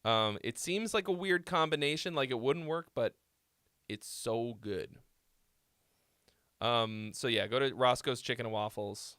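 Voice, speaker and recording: A man's voice: mid-range voice, a little slow, a bit bright, no echo, studio quality. A young man hosting a casual livestream, telling rambling stories full of swearing. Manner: laid-back storytelling, heavy swearing. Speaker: host.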